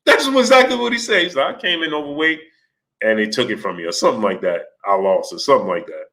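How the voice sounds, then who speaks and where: A man with a medium-pitched voice talks fast while hosting a live stream. He greets viewers, reads Super Chats, and retells stories in an animated way, laughing and mimicking voices.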